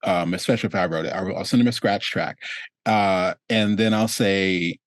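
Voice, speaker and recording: A man's voice: deep voice, normal speed, no echo. Male host, rambling, laughs often, dry recording, video call. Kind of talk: casual chat.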